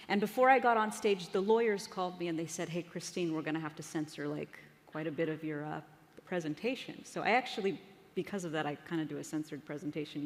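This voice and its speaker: A woman's voice: medium pitch, fairly bright tone. A woman giving an upbeat, chatty marketing talk from a conference stage, addressing the audience. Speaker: conference speaker. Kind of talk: live marketing presentation. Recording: reverberant hall.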